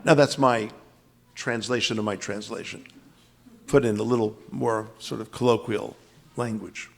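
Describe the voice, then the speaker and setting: This older man from the US East Coast, a spiritual teacher, speaks a little slowly in a fairly low, gravelly voice with a steady tone. His lecture on scripture is emphatic and dramatic, with key phrases repeated for weight.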